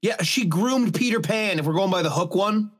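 A young man co-hosting a comedy podcast, throwing in crude quick jokes. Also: sits high, slightly rough. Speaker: podcast co-host. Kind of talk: casual crude chat.

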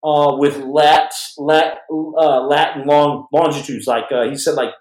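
A middle-aged man hosting a live podcast, telling a story in a rambling, animated way, repeating words and acting out what others said, while in pain with a numb hand. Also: fairly high pitch, a little slow, echoey room, poor audio. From United States. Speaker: podcast host telling his own stories.

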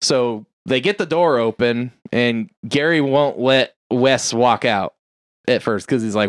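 A man casually recapping a movie plot on a podcast, acting out the characters' lines in quick bursts. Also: medium pitch, no room sound, clean studio sound. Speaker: podcast co-host.

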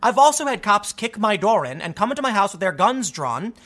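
A man's voice: high-pitched, big pitch swings, brisk, a bit bright. A young man from the United States telling a story casually, with many restarts and stammers, acting out the people he quotes.

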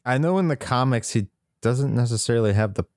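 A man co-hosting a casual talk about a movie, relaxed and swearing often. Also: medium pitch, fairly quick, no room sound, clean studio sound. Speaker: podcast co-host.

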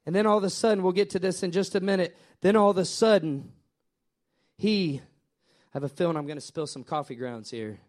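High-voiced preacher with swelling delivery. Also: male voice, fairly quick. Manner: animated, repetitive preaching that swells and drops; addresses the congregation directly. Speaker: pastor. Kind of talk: sermon.

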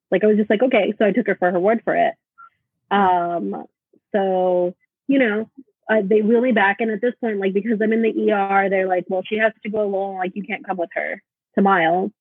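A woman's voice: mid-range voice, slightly rough, dry recording. Woman on a tinny video call. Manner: halting, filler-heavy storytelling. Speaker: podcast guest. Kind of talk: casual chat.

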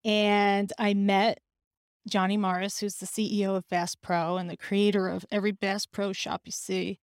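A middle-aged woman tells her own story as a podcast host, animated and acting out the conversations she recalls. Her voice sits at an ordinary pitch for a woman. The recording is dry and close, with no room sound. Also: normal speed, clean tone, no echo. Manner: animated, acts out quoted dialogue. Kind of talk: personal storytelling.

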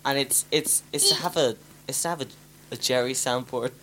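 A man's voice: medium pitch, normal speed, sharp tone, slight background noise. A man co-hosting a podcast with his sister, chatting hesitantly and teasing her dryly. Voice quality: hesitant, full of restarts, dry teasing. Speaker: podcast co-host. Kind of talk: casual chat.

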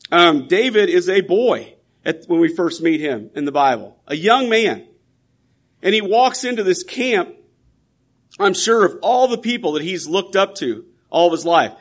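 A man's voice: high-pitched, fairly bright tone. A man preaching a sermon in an earnest, emphatic, conversational way, often restarting his sentences.

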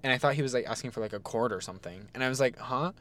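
A young man chats casually on a podcast, rambling through a personal story with constant filler words. His voice is of medium pitch and he slips into livelier quoted bits as he goes. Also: rapid-fire. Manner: rambling, frequent "like" fillers, animated retelling. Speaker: podcast co-host.

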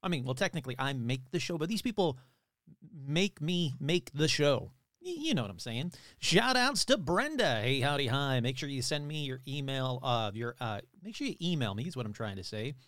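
A man hosting a paranormal podcast in a casual, upbeat, rambling way, reading off playful shout-outs. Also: mid-range voice, animated, moderate pace, dry recording, clean studio sound. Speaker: podcast host. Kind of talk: casual chat.

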